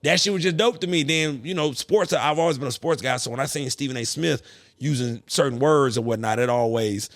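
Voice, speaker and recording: A man hosting a podcast, ranting in a casual, profane, animated monologue. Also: medium pitch, fairly quick, no room sound. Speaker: podcast host.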